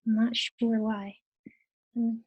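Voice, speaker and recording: A woman's voice: fairly high pitch, little pitch movement, slow, lo-fi sound, heavy background noise. A woman teacher presenting a live webinar in a casual, bubbly way, thanking viewers and muttering to herself while she fixes tech trouble on a computer mic.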